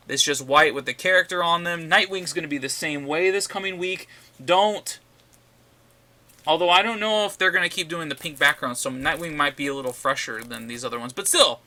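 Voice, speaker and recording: Male vlogger, bright higher voice, rambling profane rant about comics. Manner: ranting, profane, repeats himself. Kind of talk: casual rambling vlog.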